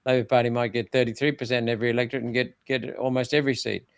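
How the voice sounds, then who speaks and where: A man's voice: mid-range voice, level tone, racing, vocal fry, smooth, no room sound. An older man, speaking bluntly and emphatically in an interview, often restarting his phrases. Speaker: former senator interviewed as guest. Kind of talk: political interview talk.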